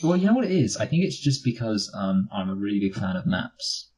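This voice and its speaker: A man's voice: on the low side, sing-song, fairly quick, a little mellow, slightly rough, rough recording. A man co-hosting a casual film review chat, joking and breaking into impressions. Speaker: podcast co-host.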